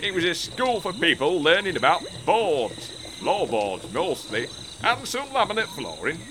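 A man with a Yorkshire accent performing blunt, gruff comedy sketch characters. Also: on the high side, huge pitch swings, unhurried, background noise.

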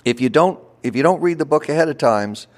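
Animated storytelling man in an interview. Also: a little high, fairly quick. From Baltimore, USA. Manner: lively anecdotes, acting out quoted voices. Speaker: guest, voice performer and recording artist.

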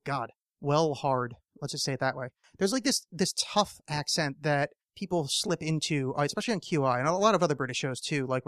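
A man's voice: on the high side, no echo, studio quality. A man hosting a casual solo podcast, rambling and swearing often, with lots of fillers and restarts. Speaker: podcast host.

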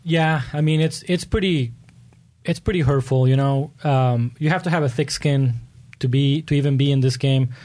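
A man's voice: mid-range voice, moderate pace. A man running for local office, telling stories earnestly with frequent restarts in an interview. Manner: earnest, animated storytelling with many restarts. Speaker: political candidate. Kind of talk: conversational interview answers.

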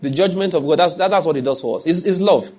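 A Nigerian-accented male pastor delivers a sermon in a slightly raised, husky voice. He asks his listeners rhetorical questions and drops in humor as he preaches. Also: a little high, quick pace, darkish tone.

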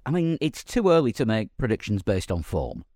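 A man hosting a casual podcast chat, talking in a halting way with many ums and restarts. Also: lowish voice, sing-song, warm tone, no echo, studio quality. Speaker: podcast host.

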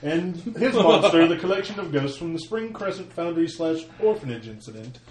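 A man's voice: fairly high pitch, expressive, normal speed, darkish tone. A man introducing his character at a tabletop game in a matter-of-fact way. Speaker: player. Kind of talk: casual chat at a game table. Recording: echoey room.

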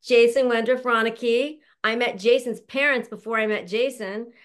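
A woman's voice: a little high, fairly even intonation, normal speed, a bit bright. A woman hosting an online panel over a video call, introducing guests in a chatty, affectionate way and laughing often. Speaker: show host introducing a panel. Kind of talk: casual chat.

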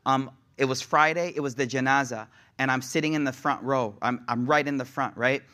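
A man's voice: medium pitch, steady tone, fairly quick, bright, forceful tone. A young adult man teaching a sermon in a casual, slang-filled way, building up to raised, passionate delivery. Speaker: religious teacher.

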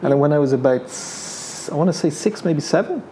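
A man's voice: fairly high pitch, animated, brisk, dark tone, a little hiss or hum. A middle-aged Irish man, his accent carrying an English lilt, talking casually about his life in an interview, hesitant and full of restarts. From Ireland. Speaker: painter being interviewed.

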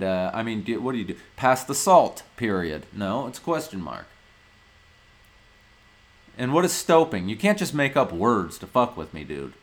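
A male podcast host from Ohio, ranting in a brash, profane, mock-indignant way in a casual comedic monologue. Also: fairly low pitch.

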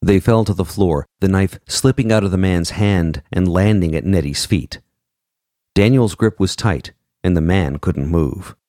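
A man narrating an audiobook in a measured, expressive way, voicing each character. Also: low-pitched, dry recording, clean studio sound.

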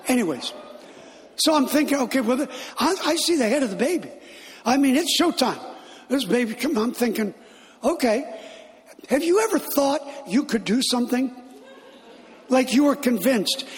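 A middle-aged man, a guest speaker, telling stories in a lively sermon and laughing as he goes. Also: very high-pitched. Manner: animated, laughing as he tells it. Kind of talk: storytelling sermon. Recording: long hall reverb.

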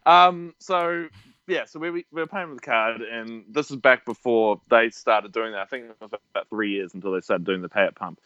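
A man's voice: mid-range voice, normal speed, dry recording, dull audio. A man, telling stories in a casual chat and laughing often. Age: 30s. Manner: animated, laughing, acts out voices in his stories. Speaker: podcast guest.

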